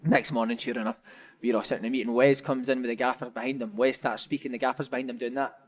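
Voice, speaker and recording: A man, a former footballer telling animated, sweary dressing-room stories as a podcast guest. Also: mid-range voice, fast talker. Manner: animated, swearing, lots of "mate". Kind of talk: casual storytelling chat.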